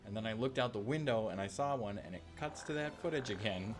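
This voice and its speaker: A man's voice: on the low side, fast talker. A man telling a rambling story in a casual vlog, full of fillers and asides. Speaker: channel host telling a story.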